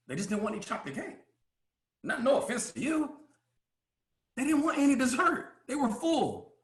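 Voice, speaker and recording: A man speaking from a stage as a motivational speaker, pressing his points with rhetorical questions and pauses. His voice sits high and swings widely, and his tone is bright and forceful. The sound carries through an echoey room. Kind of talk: motivational speech to a live audience.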